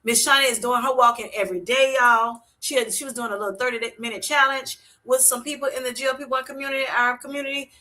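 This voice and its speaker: A woman hosting a casual livestream, answering viewers' comments with a bright, ringing voice that sits somewhat high. She tells animated stories and laughs often, calling people "honey" and "sweetheart". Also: quick pace, hardly any pauses. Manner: uses Southern-style endearments like honey and sweetheart. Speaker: livestream host reading chat.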